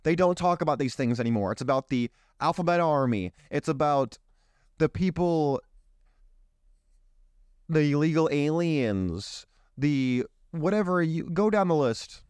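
Male host, indignant political monologue, fairly high and smooth voice, dry close mic. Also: animated, unhurried, darkish tone, no room sound. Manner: indignant, rhetorical questions, rambling. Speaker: show host.

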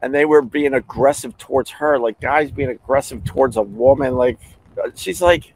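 A man hosting a podcast, telling a story in a casual, animated way, often repeating words and restarting sentences. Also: quick pace, slight background noise, rough recording. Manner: animated, acts out quotes with big pitch jumps. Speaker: podcast host.

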